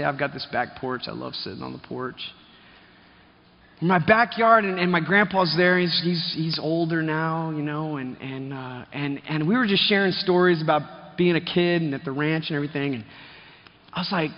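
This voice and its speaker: High-voiced man telling a story. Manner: chatty, quizzes the crowd, many restarts. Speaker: conference speaker. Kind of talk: storytelling talk to a live audience. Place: large conference hall. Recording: dull sound, reverb of a big hall.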